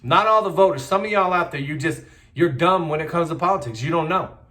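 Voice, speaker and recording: A man's voice: fairly high pitch, a little fast, fairly bright tone. A middle-aged man, giving a blunt, heated, repetitive political rant in a casual monologue. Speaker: political commentator.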